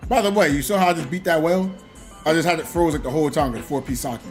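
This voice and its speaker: A man chatting casually on a gaming live stream, telling stories in an animated way and laughing often. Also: on the high side, very fast, faint music behind. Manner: animated storytelling with frequent laughs.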